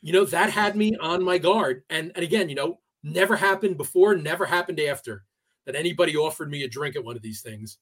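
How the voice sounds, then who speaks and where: Man, podcast guest, higher pitch, halting, lots of fillers, conversational storytelling. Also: a bit bright. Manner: halting, many restarts and fillers. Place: New York area.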